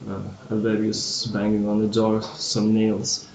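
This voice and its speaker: Male game master, slow grim narration, echoey room. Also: on the low side, completely flat delivery, creaky, a little mellow.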